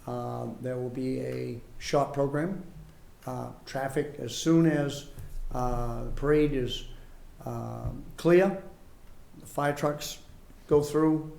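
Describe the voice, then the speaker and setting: A man gives an unscripted report at a town meeting, slow and halting, with many fillers. His voice is gravelly and mellow. He is heard in a roomy hall over a faint hum. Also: medium pitch, fairly even intonation. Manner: halting, full of fillers and restarts. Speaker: former town selectman giving a report. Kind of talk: informal spoken report at a public meeting. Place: town office meeting room. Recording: echoey room, faint hum.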